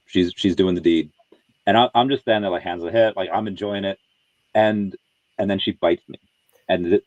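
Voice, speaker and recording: A man hosting a podcast, telling a rambling story in relaxed casual chat. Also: deep voice, no room sound, dull audio. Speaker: podcast host.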